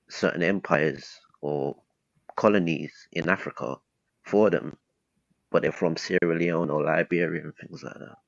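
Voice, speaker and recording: A man's voice: deep voice, gravelly, dry recording, highs cut off. A British man, a guest on a video call, talking casually and hesitantly, with plenty of fillers and restarts. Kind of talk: casual conversation.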